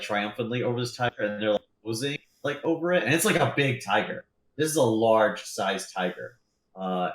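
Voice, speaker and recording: A man narrating as game master in a tabletop game, rambling with lots of fillers. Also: fairly low pitch. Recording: roomy echo.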